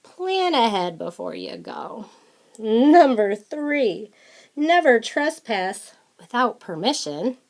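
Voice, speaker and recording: Woman reader, playful asides, lively up-and-down delivery. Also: on the high side, takes it slowly. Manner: chatty, adds playful comments between lines of text. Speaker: reader of a children's fishing book. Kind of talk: reading a picture book aloud with asides.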